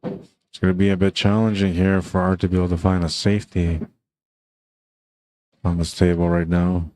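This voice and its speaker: A man with a low, dark, mellow voice calls a pool match in a relaxed, chatty way. He talks casually to viewers, tossing in "man" and easy asides between shots. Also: normal speed, a little hiss or hum. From Canada. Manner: laid-back, chatty, says "man" often. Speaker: pool commentator. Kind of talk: casual live commentary.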